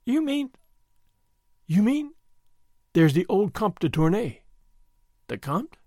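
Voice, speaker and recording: A man reading aloud, voicing an impatient, anguished young noblewoman in a raised, lively voice. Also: high voice, slow pace, dry recording, exaggerated voice. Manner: eager, excitable, pleading.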